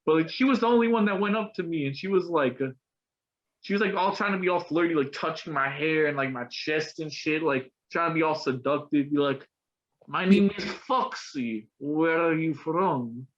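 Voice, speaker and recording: A man's voice: a little high, fairly quick, a bit bright. A young man talking casually on a podcast, rambling with lots of slang and filler words. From Colombian roots. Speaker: podcast host. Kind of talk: casual chat. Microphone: video call. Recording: muffled video call audio.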